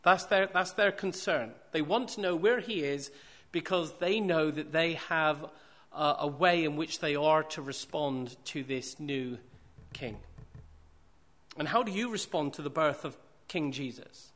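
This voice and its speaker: A man's voice: fairly high pitch, measured pace, a bit bright. Man preaching with rhetorical questions. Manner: rhetorical questions, emphatic repetition. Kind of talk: sermon.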